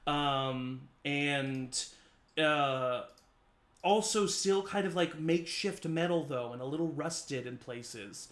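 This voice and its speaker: A man runs a tabletop game with unhurried, halting narration, pausing often on "um" and "uh". His voice sits a little high for a man and drawls very slowly. The room around him rings with a noticeable echo. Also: fairly bright tone. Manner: hesitant, with many "um"s and "uh"s. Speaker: game master.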